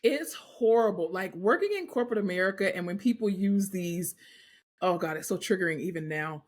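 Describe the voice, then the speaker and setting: A woman co-hosting a podcast in casual chat, with a deep speaking voice, relaxed and full of likes and fillers. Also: brisk. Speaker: podcast co-host.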